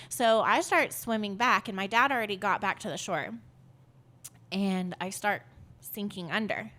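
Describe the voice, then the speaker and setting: A woman's voice: mid-range voice, normal speed, fairly bright tone. A woman guest on a podcast, telling a personal story in a loose, rambling way, full of fillers and laughs. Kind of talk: casual storytelling.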